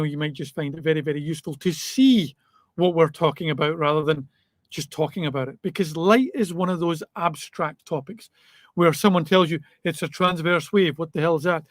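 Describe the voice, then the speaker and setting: A man's voice: fairly high pitch, fairly bright tone, no room sound, studio quality. A man teaching a live online physics lesson in a chatty way, with jokes and asides to his students.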